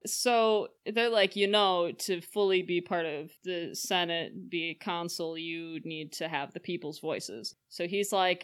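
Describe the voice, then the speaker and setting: A woman's voice: on the low side, unhurried, hardly any pauses, clean tone. Playful young woman recapping a plot. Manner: playful, jokey, acts out quotes in silly voices. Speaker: podcast co-host. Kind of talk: casual chat.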